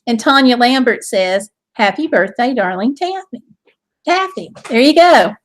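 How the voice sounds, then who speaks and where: Woman, Southern US accent, casual live stream host, high-pitched, cheerful, reads chat comments. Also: lively intonation, measured pace. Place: home.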